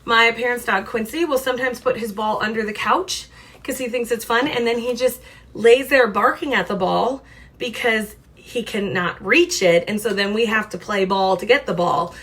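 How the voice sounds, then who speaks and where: A young woman with a slightly high voice reads a picture book aloud to children from her home. She keeps it lively and chatty, often turning to the kids with questions. Her voice is picked up by the camera mic. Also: normal speed. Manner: animated and chatty, asking the audience questions. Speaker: children's storytime host.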